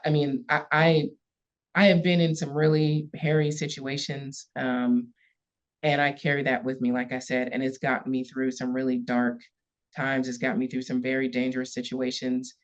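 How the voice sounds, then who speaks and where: A woman police chief telling a story in a podcast interview, earnest and emphatic, repeating key words for weight. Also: very deep voice. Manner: earnest, repetitive emphasis, gets emotional. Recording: slightly dull lo-fi audio.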